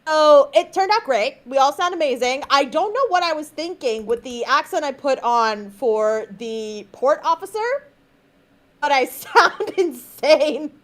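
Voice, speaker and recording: A woman co-hosting a casual livestream, chatting warmly and laughing often between sentences. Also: high voice, lively intonation, unhurried. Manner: reassuring, fond teasing. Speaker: stream co-host.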